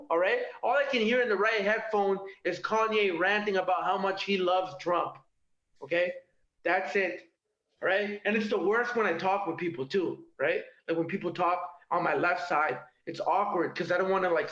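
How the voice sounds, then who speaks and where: Guy doing standup from his kitchen, high voice, keeps going "okay? all right?", echoey room. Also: normal speed, a bit bright. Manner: punchy delivery, tags jokes with "okay?" and "all right?". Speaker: stand-up comedian. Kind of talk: stand-up routine. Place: home kitchen. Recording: roomy, dull lo-fi home recording.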